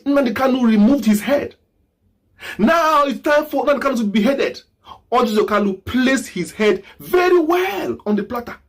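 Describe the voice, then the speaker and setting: Fiery man with lively, swinging pitch. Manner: preachy, repetitive, rhetorical questions, bursts of shouting. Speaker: political commentary host. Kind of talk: impassioned political commentary.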